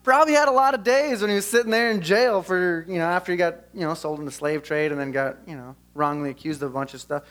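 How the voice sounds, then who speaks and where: Earnest young male pastor, slightly high voice. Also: fast, hardly any pauses. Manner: earnest, conversational preaching with casual asides. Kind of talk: sermon and closing prayer. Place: church service. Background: soft guitar music.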